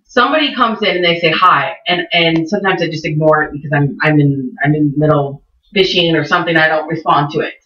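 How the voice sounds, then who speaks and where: A woman's voice: low-pitched, fast, bright, forceful tone. A woman co-hosting a podcast, telling a long, profane, rambling story in casual chat. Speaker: podcast co-host. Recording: roomy, distant, dull lo-fi sound.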